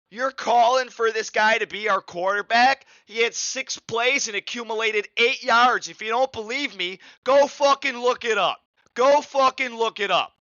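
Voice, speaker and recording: A man's voice: very high-pitched, sharp tone, no echo, lo-fi sound. Fired-up man ranting on a sports podcast. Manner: heated, profane, repetitive ranting. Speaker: podcast host. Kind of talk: angry sports podcast rant.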